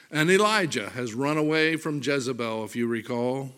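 A man preaching a sermon, reading scripture aloud with deliberate emphasis, swelling loud on verses and dropping soft and low. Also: clean tone. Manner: slow, deliberate delivery, rising loud on verses and dropping to near-whisper.

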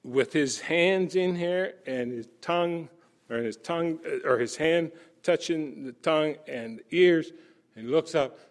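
A man with a high voice preaches a sermon in an animated way. He chuckles as he tells the story and exclaims with emphasis. His delivery swings between hushed stretches and loud ones. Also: a little slow. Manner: shifts between soft and loud passages.

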